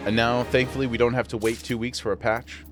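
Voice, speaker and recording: Soft music plays behind a western New York man chatting casually while streaming a game. His medium-pitched voice is flat and fast, and he laughs often, with the region's accent coming through.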